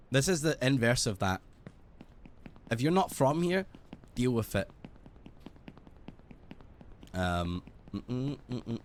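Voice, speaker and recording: A British man streaming a game, chatting casually in a rambling, sweary, animated way. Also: mid-range voice, a little hiss or hum. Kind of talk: casual gaming stream chat.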